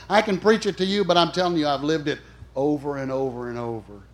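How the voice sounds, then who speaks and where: Middle-aged male chaplain preaching, emphatic, dynamic swings, slightly high pitch. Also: fairly even intonation, quick pace. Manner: emphatic, swings between loud and soft. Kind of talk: sermon.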